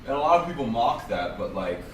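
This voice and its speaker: A man's voice: medium pitch, very animated, brisk. A man co-hosting a casual political podcast, thoughtfully raising questions and tangents. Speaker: podcast co-host. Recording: echoey, distant mic with clear background noise.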